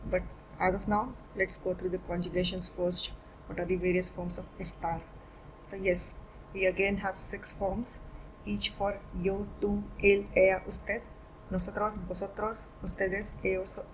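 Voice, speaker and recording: A woman's voice: medium pitch, level tone, normal speed, slight background noise, low-quality recording. A woman teaching a beginner Spanish lesson, explaining each point step by step and repeating every word form twice.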